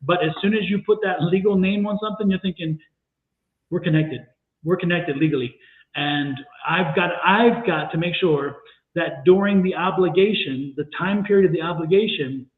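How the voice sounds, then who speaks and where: A man co-hosting a livestream tarot reading, deliberate and emphatic with a wry edge. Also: high voice. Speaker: tarot reader and co-host. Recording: tinny phone-like sound in an echoey room.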